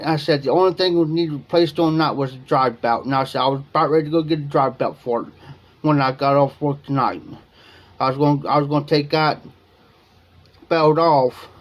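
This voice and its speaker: A man hosting a livestream, telling a long personal story in a rambling way, repeating himself and quoting what was said. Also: on the high side. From Ohio. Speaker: livestream host. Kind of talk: casual storytelling to viewers.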